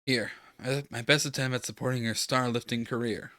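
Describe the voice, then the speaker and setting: A streamer playing a video game, making casual, drowsy, low-key asides while yawning a lot. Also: fairly even intonation, a little fast, bright, forceful tone, dry recording, clean studio sound. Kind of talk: casual let's-play commentary. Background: faint game music.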